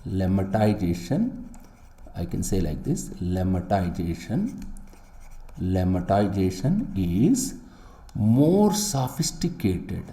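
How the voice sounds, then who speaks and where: A man's voice: fairly low pitch, sing-song, a little slow, warm tone. A man giving a classroom lecture, repeating key words and asking rhetorical questions to stress his points. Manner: repetitive, emphatic teaching with rhetorical questions. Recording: echoey room.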